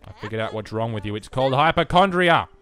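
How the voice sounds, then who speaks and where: A man's voice: medium pitch, lively intonation, fast talker, fairly bright tone. A young man giving casual, self-mocking let's-play commentary, chatting to the game as he plays. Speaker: gaming video host.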